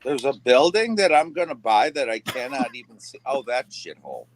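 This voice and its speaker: A man on a video call from his basement, cracking dry, deadpan jokes. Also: mid-range voice, moderate pace, a little hiss or hum, low-quality recording. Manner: deadpan, wisecracking. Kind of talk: casual chat. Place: basement at home.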